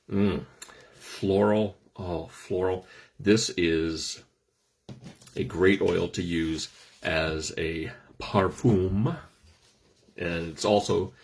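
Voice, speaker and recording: A man's voice: sits low, creaky, slightly rough. A middle-aged man hosting a casual talk on essential oils, explaining things with dry, self-deprecating jokes. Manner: joking, self-deprecating asides. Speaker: host.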